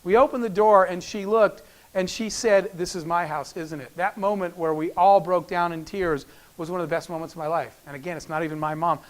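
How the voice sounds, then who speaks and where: High-voiced man telling an emotional story. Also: a little fast. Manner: animated storyteller acting out quoted dialogue. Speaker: keynote speaker. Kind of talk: storytelling speech.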